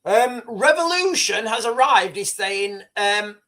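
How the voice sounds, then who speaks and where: Excitable rambling male livestreamer. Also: sits high, slow pace. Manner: rambling, excitable, many restarts; boastful, opinionated. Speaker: livestream host. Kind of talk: live news commentary stream.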